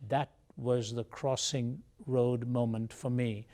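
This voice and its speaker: A man from India with a gravelly edge to his voice. He tells his story as a guest on a TV interview, measured and earnest, at a middle pitch. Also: little pitch movement, warm tone.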